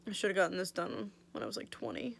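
Gravelly, chatty young woman. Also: lowish voice, lively intonation, quick pace, a little hiss or hum. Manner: chatty, blunt, swears freely, lots of "like". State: recovering from oral surgery, swollen mouth. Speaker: vlogger. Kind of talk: casual storytelling vlog.

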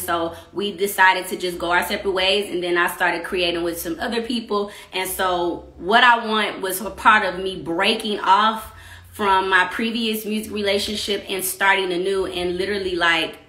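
A woman from Texas, chatting casually on her own stream with rambling asides and shout-outs to viewers. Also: mid-range voice, steady tone, normal speed, roomy sound. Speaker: singer hosting a live stream about her EP. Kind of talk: casual chat.

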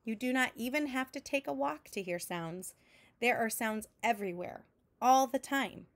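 A woman teacher reading a picture book aloud to children in a slow, clear storytelling manner, making sound effects with her voice between lines. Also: on the high side, expressive. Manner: adds vocal sound effects between narration.

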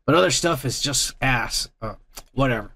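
A man's voice: mid-range voice, lively intonation, normal speed, fairly bright tone. A man hosting a podcast, reading viewer comments aloud in casual, rambling, profane chat. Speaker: podcast host.

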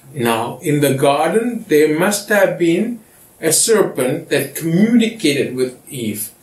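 Slow-talking pastor in echoey room. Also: male voice, a little high, far from the mic. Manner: keeps checking with listeners. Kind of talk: Bible study teaching.

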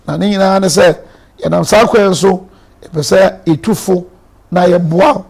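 A Ghanaian bishop gives earnest, emphatic marriage counsel on a live stream. His voice sits high and carries a gravelly edge. He moves between Twi and English as he talks. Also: fairly even intonation, normal speed, darkish tone.

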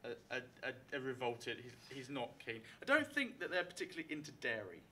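Game master, male, live stage show, bright and hesitant, faint room sound. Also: medium pitch, very animated, brisk, a little hiss or hum. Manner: hesitant, many fillers, chatty. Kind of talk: narrating a live tabletop game. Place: live show before an audience.

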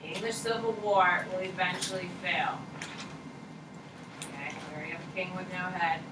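A woman high school history teacher giving a casual, joking classroom lecture, repeating key points for students to write down. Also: steady tone, normal speed. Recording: echoey classroom from far off, noisy.

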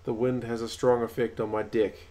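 A man's voice: mid-range voice, little pitch movement, dark tone, slight background noise. New Zealand man commentating rugby live. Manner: rises and quickens at close plays. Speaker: rugby watch-along host. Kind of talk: live match commentary and chat.

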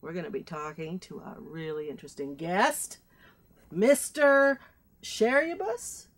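Brief: slow, drifting hippie TV hostess with a lilting, up-and-down voice, played by a woman, halting and giggly. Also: fairly low pitch, lively intonation. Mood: dreamy. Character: spaced-out woman hippie TV show host. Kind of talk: comic audio drama acting.

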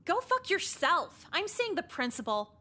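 An actress playing a bitter, cynical teenage girl who speaks in a sharp, sardonic way. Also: very high voice, sing-song, unhurried, exaggerated voice. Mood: defiant. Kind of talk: video game voice acting.

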